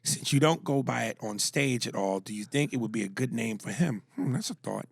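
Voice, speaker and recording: A man's voice: medium pitch, fairly quick, creaky, breathy edge, no echo, clean studio sound. A man co-hosting a podcast, joking and reading listener emails. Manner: animated, reads emails aloud, jokes in voices. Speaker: podcast co-host. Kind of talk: casual podcast banter.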